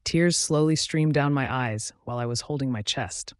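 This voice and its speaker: A man reading a first-person romance audiobook aloud, dramatic and shifting between hushed and raised delivery. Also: medium pitch, moderate pace, smooth, no room sound, studio quality. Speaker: audiobook narrator.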